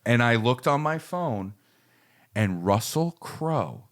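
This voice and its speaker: A man co-hosting a comedy podcast, telling stories in a casual, animated way and mimicking the people in them. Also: medium pitch, slow. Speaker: podcast co-host.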